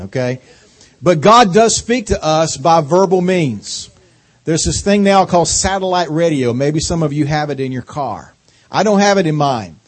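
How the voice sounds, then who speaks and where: A middle-aged man with a Southern accent preaching a sermon as a guest speaker, folksy and joking, drawing out his words. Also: fairly high pitch. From North Carolina. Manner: folksy and joking, slow drawling delivery.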